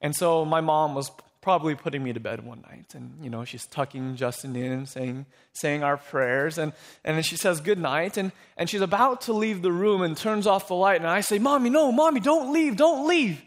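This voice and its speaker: A man's voice: a little high, fairly even intonation, moderate pace, few pauses. A young man preaching a sermon, telling stories and asking the congregation questions in a conversational way. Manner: conversational storytelling, asks the crowd questions. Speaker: pastor.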